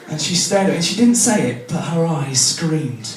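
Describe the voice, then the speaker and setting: A young man from England performing a stand-up comedy set, telling self-deprecating stories and acting out the people in them. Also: fairly high pitch. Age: young adult. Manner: self-deprecating, animated storytelling with acted-out voices. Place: comedy venue with a laughing audience. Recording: echoey room from far off, noisy.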